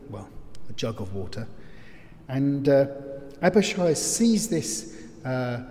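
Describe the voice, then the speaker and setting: A man preaching an expository sermon, telling stories and acting out loud screams as he explains the text. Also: medium pitch, slight background noise. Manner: storytelling, breaks into loud acted screams. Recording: long hall reverb.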